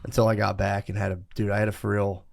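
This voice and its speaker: A man's voice: fairly low pitch, completely flat delivery, fast, creaky, darkish tone. A man co-hosting a podcast, telling a rambling, profane story in casual chat, full of fillers and restarts. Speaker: podcast co-host.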